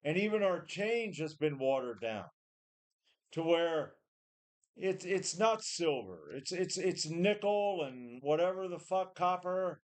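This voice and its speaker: In a slightly high voice with big pitch swings and a slow pace, a weary home gym vlogger rants to the camera. It's a casual, swearing-heavy ramble where he keeps repeating and beginning again.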